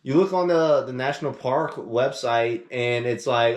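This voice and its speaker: A man at an everyday middle pitch tells a trip story in a loose, rambling way, full of fillers and little acted-out quotes. His voice rings in an echoey room. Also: steady tone, moderate pace, hardly any pauses. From Louisiana, USA. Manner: rambling, filler-heavy, acts out quoted phone calls. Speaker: podcast co-host. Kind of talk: casual storytelling chat.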